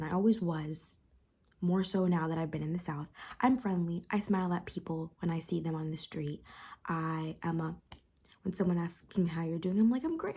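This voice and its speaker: Young woman, confessional vlog, frustrated, rambling, breathy voice. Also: fairly low pitch, darkish tone. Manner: candid, rambling, repeats phrases. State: upset and frustrated. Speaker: vlogger.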